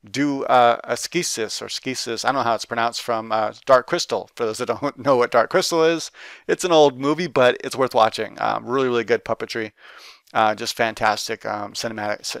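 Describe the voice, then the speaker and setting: A man's voice: mid-range voice, steady tone, fairly quick, a bit bright, smooth, no echo. A man chatting casually to camera as an art teacher, upbeat and rambling with lots of fillers and restarts. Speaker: art teacher and YouTube host. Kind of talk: casual giveaway chat to camera.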